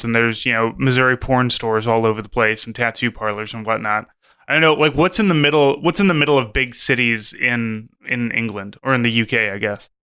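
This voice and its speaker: A man's voice: mid-range voice, pushed and bright, smooth. A man from the American Midwest co-hosting a podcast, throwing teasing, skeptical questions in casual chat. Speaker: podcast co-host.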